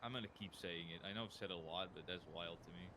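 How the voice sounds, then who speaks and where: Brief: lower-voiced guy, complains and cusses in easy banter, slight hiss behind. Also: fast. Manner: swearing, complaining. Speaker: tow truck driver roleplayer. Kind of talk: casual roleplay chat.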